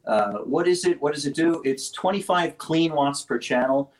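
A man's voice: fairly high pitch, lively intonation, normal speed, poor audio. A man, a speaker company founder, talking casually in an interview, rambling with restarts and technical detail.

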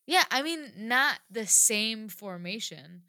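A woman's voice: on the high side, lively intonation, takes it slowly, pushed and bright, clear, resonant tone, no room sound. A woman chatting casually on a podcast, giggly and full of fillers. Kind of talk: casual chat.

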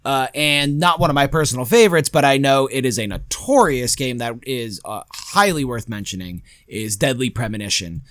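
A man's voice: mid-range voice, animated, normal speed, hardly any pauses, fairly bright tone, dry recording. A man co-hosting a casual podcast, talking conversationally, drifting mid-thought and slipping in dry jokes. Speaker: podcast co-host. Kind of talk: casual podcast chat about video games.

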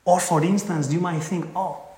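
A man's voice: high-pitched, fairly even intonation, normal speed, warm tone. A man giving a conversational spiritual talk, earnest, often checking in with his listeners. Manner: earnest, tags points with "right?". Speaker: spiritual speaker. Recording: echoey room.

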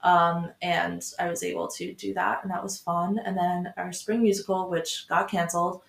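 A woman's voice: on the low side, level tone, moderate pace, creaky. Bubbly young woman host, echoey room. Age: young adult. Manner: bubbly, giggly, lots of fillers. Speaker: podcast host. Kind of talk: casual chat. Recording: roomy echo.

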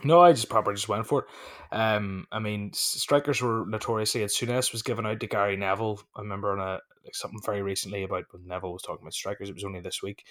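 A man's voice: fairly low pitch, steady tone, fast, fairly bright tone. A man hosting a casual podcast over drinks, jokey and loose, swearing freely in banter. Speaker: podcast host.

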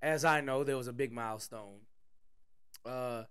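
A man's voice: mid-range voice, unhurried, a bit bright, smooth. A man co-hosting a casual sports podcast, teasing and laughing, swearing casually. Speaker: podcast co-host.

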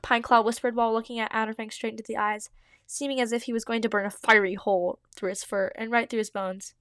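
A woman's voice: a little high, fast talker, a bit bright, no room sound. A young woman reading her old fan story aloud with giggly, self-mocking asides. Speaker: podcast host reading her own old writing.

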